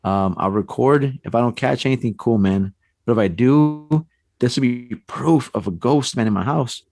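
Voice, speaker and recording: A man telling a personal ghost story on a podcast, animated and acting out the voices in his tale. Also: medium pitch, normal speed, vocal fry. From San Antonio, Texas. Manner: animated storyteller, acts out quotes, frequent restarts and "man". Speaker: paranormal investigator guest.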